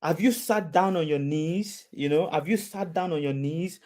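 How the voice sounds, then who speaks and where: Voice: medium pitch, moderate pace, darkish tone. A preacher delivering a sermon, repeating phrases and asking the audience questions again and again.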